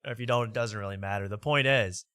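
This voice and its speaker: A man's voice: lowish voice, quick pace, sharp tone, dry recording. Joking male talk show host, dry sound. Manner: joking, rambling, laughs often. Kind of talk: casual comedic talk show banter.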